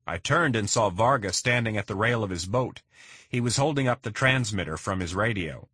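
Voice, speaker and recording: A man narrating a first-person crime thriller in a steady, measured reading. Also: lowish voice, breathy edge, no room sound. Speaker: audiobook narrator.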